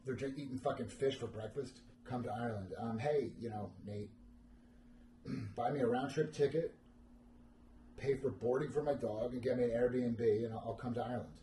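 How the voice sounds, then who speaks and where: A man's voice: medium pitch, steady tone, moderate pace, dark tone. Rambling crude man in echoey room. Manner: crude, rambling, self-deprecating with lots of fillers. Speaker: podcast host answering livestream chat. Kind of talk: casual livestream chat. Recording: echoey room with background noise.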